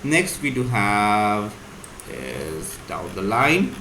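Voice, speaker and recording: Man, vocabulary teacher, slow explanations, echoey room, faint background hum. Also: on the low side, big pitch swings. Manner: explains words slowly, spells them out. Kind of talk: casual vocabulary lesson.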